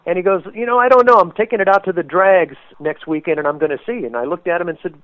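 Excitable man on a tinny phone line. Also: a little high, fast, dry recording. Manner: excitable, acts out quotes with sudden loud bursts. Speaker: interview guest, race car paint designer. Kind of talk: animated storytelling.

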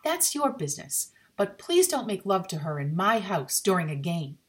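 Woman reading as a firm, scolding middle-aged man, reproachful tone, lively inflection, storybook ghost tale. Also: fairly low pitch, moderate pace. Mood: stern. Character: stern middle-aged male house owner.

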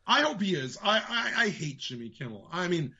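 A man's voice: high-pitched, very animated, moderate pace, sharp tone, husky, lo-fi sound. A man hosting a podcast in casual chat, blunt and profane, often stammering before he gets going. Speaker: podcast host.

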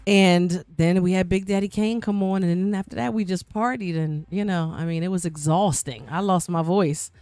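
A woman's voice: fairly low pitch, fairly even intonation, moderate pace, hardly any pauses, a little mellow, dry recording. A middle-aged woman guest-hosting a podcast, telling stories in a chatty, rambling way. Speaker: guest host. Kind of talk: casual podcast chat.

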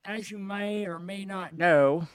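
A man co-hosting a casual movie podcast, calmly explaining a film's production history. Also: high-pitched, slow pace, clear, resonant tone, no echo, studio quality. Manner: relaxed, explaining film history. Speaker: podcast co-host.

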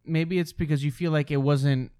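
A young man with a slightly high voice chats in an easygoing way. He is agreeable and relaxed, and sometimes slips into impressions of characters to make a point. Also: normal speed, smooth. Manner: relaxed, agreeable, mimics characters for comic effect. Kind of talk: casual chat.

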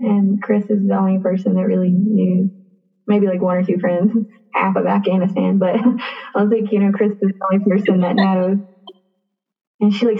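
Young woman on a tinny line. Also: mid-range voice. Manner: quiet, reflective recounting. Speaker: podcast guest. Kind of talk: personal storytelling.

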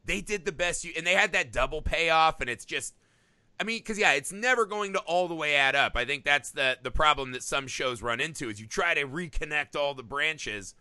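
A man co-hosting a casual podcast chat, animated and swearing freely as he riffs. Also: on the high side, moderate pace, no echo. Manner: animated, swears freely, jumps into shouted impressions. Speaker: podcast co-host. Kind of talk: casual chat about movies.

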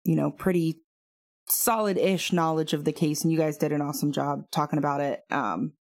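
A woman's voice: low voice, a little fast, darkish tone. A woman co-hosting a casual true-crime podcast, talking in a chatty way with lots of fillers and asides. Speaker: podcast co-host.

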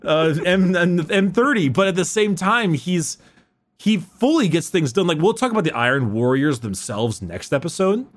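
An excitable man geeking out over fantasy lore on a podcast, cursing and tripping over his own restarts. His voice sits a bit high and swings widely in pitch as he gets carried away. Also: moderate pace. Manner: excited, swearing, with many restarts and laughs. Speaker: podcast co-host. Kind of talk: casual chat about fantasy lore.

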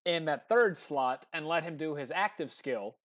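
A man hosting a casual podcast, explaining game tricks in a relaxed, conversational way on a computer mic over a remote call. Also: a little high, normal speed. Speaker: podcast host.

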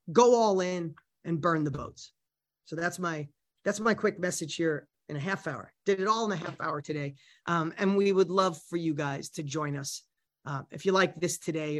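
A man in middle age gives a motivational talk, weaving personal stories with fierce, emphatic drive. His voice sits fairly high for a man. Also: fairly bright tone. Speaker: motivational speaker.

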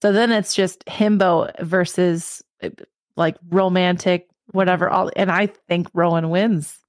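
A young married woman co-hosting a book podcast, talking excitedly and emphatically with lots of swearing. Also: lowish voice, unhurried, dry recording, clean studio sound. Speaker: podcast co-host. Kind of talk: casual book chat.

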